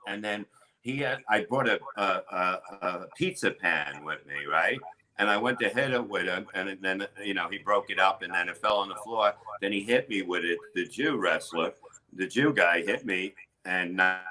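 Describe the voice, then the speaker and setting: A middle-aged man, a comedian, telling crude stories in a rambling, animated way with lots of restarts. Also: lowish voice, a little hiss or hum, poor audio. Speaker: comedian guest. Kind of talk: casual storytelling chat.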